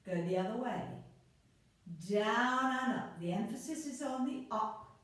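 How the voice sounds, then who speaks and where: Pilates instructor, female, slow and unhurried, very echoey room with her a little off the mic. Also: a little high, distant mic. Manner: calm, encouraging, counts reps and cues breathing. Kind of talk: guided exercise class instruction.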